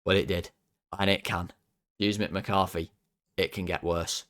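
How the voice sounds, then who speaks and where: A young man hosting a football fan channel, ranting through player ratings, swearing, his voice jumping high when worked up. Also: little pitch movement, moderate pace, fairly bright tone. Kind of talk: player ratings rant to camera.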